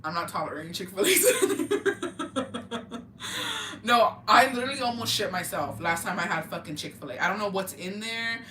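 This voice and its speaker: A young adult tells animated stories in casual podcast chat, swearing freely and mixing in slang and Spanish words. The voice is bright and sharp. It sounds roomy and set back from the mic, with faint ambience behind. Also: mid-range voice, quick pace, few pauses, far from the mic, a little hiss or hum. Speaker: podcast co-host.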